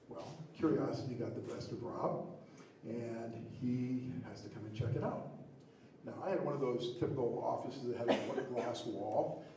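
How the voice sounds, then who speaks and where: A middle-aged man telling a comic story of his own at a live storytelling show, animated and laughing at his own prank. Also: medium pitch, very echoey, far from the mic, a little hiss or hum, rough recording.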